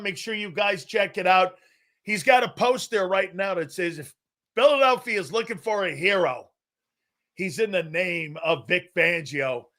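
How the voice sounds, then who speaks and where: Male sports talk host, a bit high-pitched, boisterous and laugh-prone, loose storytelling delivery. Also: bright, forceful tone. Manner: boisterous, laughs often, tells anecdotes. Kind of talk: live sports talk show chat.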